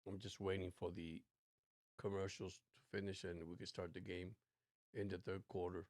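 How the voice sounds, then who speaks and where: A man's voice: low-pitched, level tone, moderate pace, darkish tone, dry recording, clean studio sound. A man hosting a casual sports watch-along livestream, chatting in a rambling, laid-back way. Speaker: livestream host.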